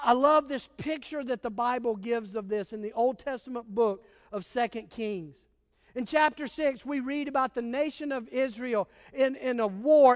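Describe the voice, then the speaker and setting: A man's voice: very high-pitched, a bit bright, in a large hall. A man preaching a sermon as pastor, telling stories in a casual, emphatic way.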